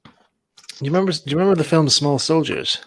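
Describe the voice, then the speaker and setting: A man's voice: fairly high pitch, quick pace, no echo. A young man hosting a livestream, chatting casually while working on models, rambling and laughing. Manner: rambling, laughing, self-correcting. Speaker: livestream host.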